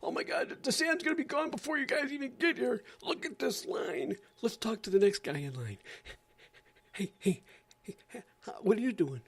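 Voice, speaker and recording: A man voicing a frantic, overexcited male TV field reporter, breathless and shrill. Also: expressive, normal speed, vocal fry, fairly bright tone, slightly rough, exaggerated voice.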